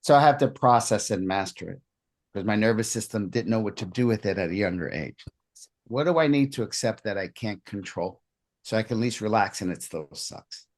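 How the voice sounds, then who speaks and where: A man on an interview show, telling a personal story in a lively way and acting out the other people's lines. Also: on the low side, a little fast. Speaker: podcast guest, hypnotist.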